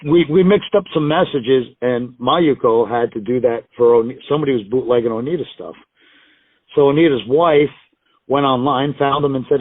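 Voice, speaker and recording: A man's voice: medium pitch, normal speed, no room sound. A middle-aged man, a guest on an interview show, telling stories in a casual, rambling way with emphatic swearing. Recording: dry, tinny phone line.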